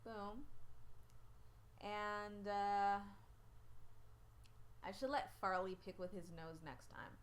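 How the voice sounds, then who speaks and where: A woman's voice: mid-range voice, takes it slowly, pauses often. A woman hosting a casual sports picks stream from home, chatting and rambling as she reads out viewers' picks into a webcam. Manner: rambling and chatty, often loses track. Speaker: host of a sports picks show. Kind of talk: casual livestream chat reading viewer comments.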